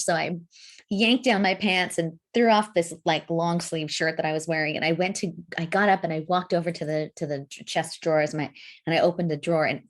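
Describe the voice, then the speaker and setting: A middle-aged woman co-hosting a podcast in casual chat, expressive, laughing a lot and swearing casually. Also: fairly low pitch. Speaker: podcast co-host.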